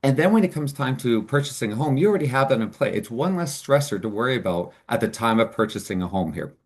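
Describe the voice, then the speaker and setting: A man's voice: mid-range voice, expressive, quick pace. A man presenting as a financial advisor in a webinar, explaining options in an earnest, upbeat way.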